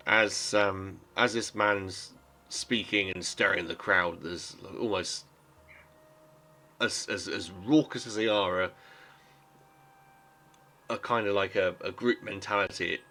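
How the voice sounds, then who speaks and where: Man running a tabletop game, bright voice. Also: deep voice, steady tone, slow, long pauses. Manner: casual, hesitant with many fillers. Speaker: game master.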